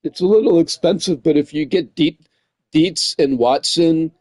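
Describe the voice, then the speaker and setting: A man's voice: on the high side, moderate pace, darkish tone, no echo, studio quality. A man chatting casually while streaming, rambling and swearing, often tossing in "man" and "dude". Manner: rambling, profane, says "man" and "dude" a lot. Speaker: gaming streamer.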